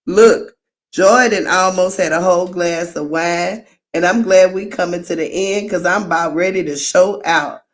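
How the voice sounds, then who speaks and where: A woman's voice: lowish voice, normal speed. A woman hosting a live reaction commentary, frank and exclaiming, with laughing asides. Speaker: host.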